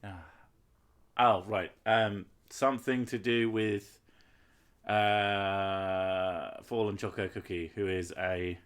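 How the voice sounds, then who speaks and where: A man with a lowish voice talks in a loose, rambling live-stream chat. He swears freely and keeps making wry jokes about himself. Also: steady tone, slow, a bit bright, clean tone. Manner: rambling, sweary, self-mocking humour. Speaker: game streamer.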